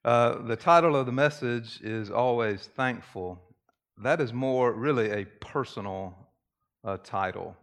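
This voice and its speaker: A man preaching a sermon, leading a short prayer and explaining terms in a measured way, repeating key phrases for emphasis. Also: medium pitch, a bit bright. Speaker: pastor.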